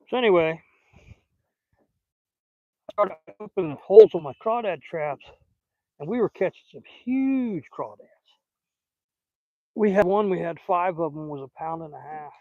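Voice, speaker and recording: Older Southern guy, higher voice, dry and dull sound, easygoing rambling fishing vlogger. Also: lively intonation, normal speed, creaky, long pauses, darkish tone, no room sound. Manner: folksy and rambling, chatting while fishing. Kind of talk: casual outdoor chat. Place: outdoors by a lake.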